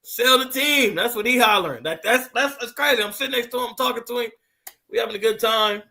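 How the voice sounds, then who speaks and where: A man, a former pro football player, co-hosting a casual sports chat in a loose, slangy, excitable way. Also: very high voice, fast, gravelly.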